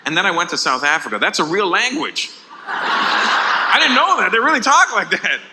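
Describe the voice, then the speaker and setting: A man from Canada doing a stand-up comedy set, telling animated stories with impressions before a live audience. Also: sits high, fast talker, long reverb tail, slight background noise, rough recording.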